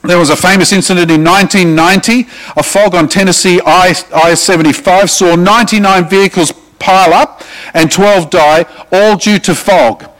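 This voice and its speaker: A man's voice: sits high, steady tone, moderate pace, fairly bright tone, low-quality recording. A middle-aged man with an Australian accent, preaching a sermon to his congregation with emphatic delivery and questions to the room. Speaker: pastor.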